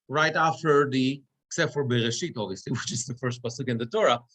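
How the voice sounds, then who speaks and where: In a synagogue classroom, this man teaches Torah reading as a cantor, his voice fairly high and fairly bright. The lecture moves step by step, and he frequently checks that his students are following.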